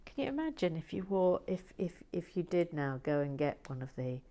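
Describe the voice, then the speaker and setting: A woman hosting a relaxed building video, rambling and self-mocking, often dropping to a whisper as she works. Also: fairly low pitch, moderate pace. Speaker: host of a building channel.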